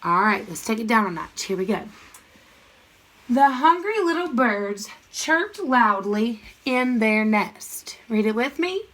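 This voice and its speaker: A woman teaching a grammar lesson, chanting sentence parts in quick questions and answers and speaking to students directly. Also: fairly high pitch, very animated, a bit bright, rough recording. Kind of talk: recorded classroom lesson.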